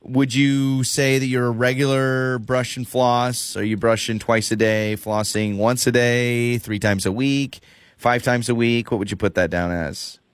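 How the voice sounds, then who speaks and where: A man's voice: mid-range voice, steady tone, a little slow, clean tone, dry recording, studio quality. A man who is a radio host, posing as a dental office caller in a prank phone call, stammering, dodging questions and repeating himself.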